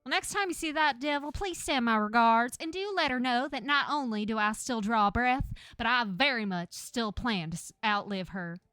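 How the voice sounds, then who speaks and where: A spry, grudge-holding old woman from a story game, gossiping with sharp little jabs, as a woman puts her on. Her voice rings bright and forward, recorded close and dry with no room around it. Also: fairly high pitch, normal speed, few pauses, clear, resonant tone, no room sound, lightly acted. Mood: gossipy. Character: feisty elderly woman townsperson with a grudge.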